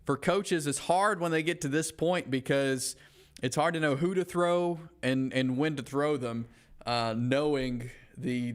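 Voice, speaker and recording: A man's voice: mid-range voice, smooth. A man with a Southern American accent hosting a sports talk show, chatting casually with frequent fillers. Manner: conversational, many "uh" fillers.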